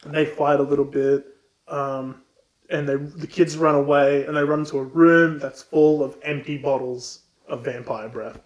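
A man's voice: on the high side, steady tone, normal speed. A man co-hosting a podcast, casually retelling a book in an irreverent, profane way. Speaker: podcast co-host. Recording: roomy echo.

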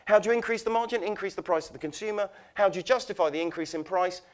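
A man giving a conference talk, telling animated anecdotes and acting out quoted voices. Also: high-pitched, racing. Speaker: conference speaker. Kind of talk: storytelling keynote talk.

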